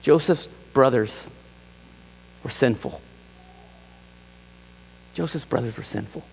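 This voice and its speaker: A male pastor preaching a sermon in a church, animated and emphatic, repeating key phrases and acting out quoted lines. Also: medium pitch, takes it slowly, creaky, long reverb tail, a little hiss or hum. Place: church sanctuary.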